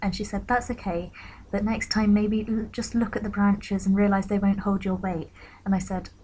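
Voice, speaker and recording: A young woman in her late teens recounting a personal story in a quiet, reflective way, sometimes dropping to a whisper. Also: mid-range voice, level tone, moderate pace, poor audio. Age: young adult. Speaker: vlogger.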